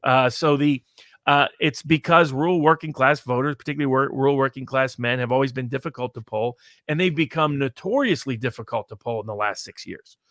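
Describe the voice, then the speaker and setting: A man talks briskly about polling, words tumbling out with many restarts. His voice sits at a middle pitch and sounds close and dry, with no room around it. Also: a bit bright, no room sound. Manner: fast, explanatory, with frequent restarts. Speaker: pollster guest. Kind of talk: casual podcast discussion.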